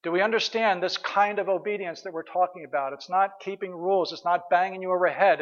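A man's voice: sits high, fairly even intonation, a little fast, a bit bright, lo-fi sound. A man preaching a sermon as pastor, earnest and questioning, sometimes hesitating and restarting.

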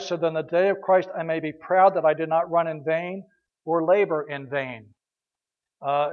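A man preaching a sermon in a conversational way, with fillers and rhetorical questions to his listeners. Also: high voice. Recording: dull lo-fi sound with long hall reverb.

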